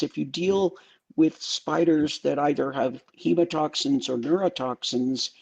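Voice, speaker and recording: A man's voice: a little high, gravelly, darkish tone, dull audio. A man co-hosting a live stream, explaining things in casual chat with a stop-start delivery.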